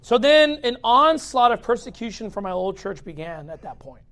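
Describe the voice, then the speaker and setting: A man's voice: very high voice, big pitch swings, moderate pace, a bit bright. A man, a pastor, telling his personal story in a casual way, full of filler likes and laughing now and then. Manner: chatty, many filler likes, acts out quoted speech; laughs through parts of the story.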